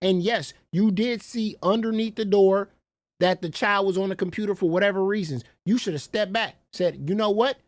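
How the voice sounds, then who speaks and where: A reaction streamer, a man whose voice sits high, speaks at a moderate pace with no echo. His profane commentary is incredulous and mocking, with free swearing and repeated calls of "bro."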